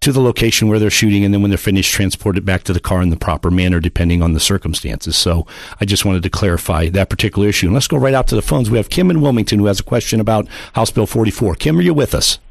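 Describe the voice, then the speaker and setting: A man co-hosting a talk radio show from a studio, earnest and quick, taking calls. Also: on the low side, dry recording. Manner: fast, gravelly, earnest with restarts.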